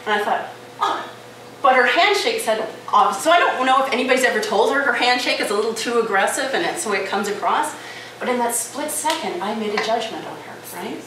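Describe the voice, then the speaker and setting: A woman giving a live talk at a conference, conversational and lively, often checking in with "right?" and "okay?". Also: on the high side, fast. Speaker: conference speaker. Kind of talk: live presentation to an audience. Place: conference room with audience. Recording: echoey, distant hall recording with noise.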